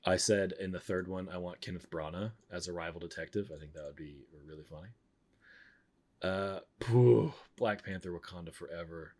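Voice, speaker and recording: Chatting casually on a stream, a film-reviewing man talks in a blunt, rambling way, frequently interrupting himself mid-sentence. He has a low voice with a darkish tone and speaks at a moderate pace.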